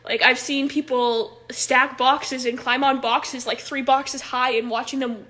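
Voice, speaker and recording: Young woman, high voice, chatty improv coach, laughing often, phone livestream. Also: steady tone, a little slow, pushed and bright. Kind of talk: casual livestream talk.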